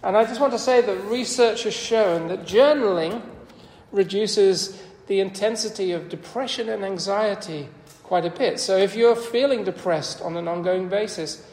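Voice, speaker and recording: A man's voice: sits high, normal speed, darkish tone. A man preaching a sermon in an earnest, conversational way, quoting scripture with rising emphasis. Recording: echoey hall, long reverb.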